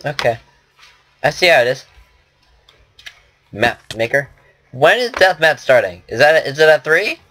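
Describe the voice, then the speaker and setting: A man's voice: a little high, expressive, measured pace, long pauses, pushed and bright. A man giving casual game commentary at his computer, rambling and joking at his own expense. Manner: rambling, self-deprecating chatter. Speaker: gaming commentator. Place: at a home computer.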